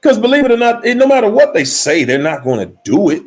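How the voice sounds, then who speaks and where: Preachy guy on a livestream, highish voice, swoops way up and down, talks right at his viewers. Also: very animated, quick pace, a little mellow. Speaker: livestream host. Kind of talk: motivational livestream talk.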